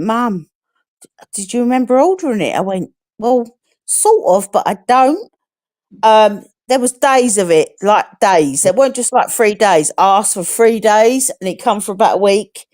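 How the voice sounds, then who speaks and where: Brief: middle-aged woman, casual live-stream chat, frank and chatty, swears freely, mid-pitched. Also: lively intonation, moderate pace, a little mellow. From England.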